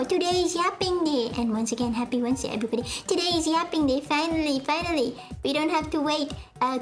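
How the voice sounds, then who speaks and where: A young woman streaming, chatting casually with viewers in a rambling, self-mocking way, full of fillers and restarts. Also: high voice. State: sweaty. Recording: faint music behind.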